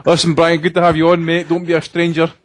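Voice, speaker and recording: Teasing Scottish podcast host. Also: male voice, fairly high pitch, completely flat delivery, quick pace, dry recording. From Scotland. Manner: teasing, calls people mate. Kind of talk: casual podcast banter.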